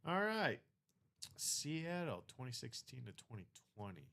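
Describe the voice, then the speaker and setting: Lively man reacting to card pulls. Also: mid-range voice, unhurried, gravelly. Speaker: host of a live card-break stream. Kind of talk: casual chat while opening breaks.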